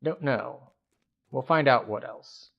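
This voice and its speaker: Game streamer, male, mid-pitched, easygoing running commentary that explains each move. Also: slow pace, creaky, highs cut off. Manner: thinks aloud, explains game mechanics at an easy pace. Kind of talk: casual gameplay commentary.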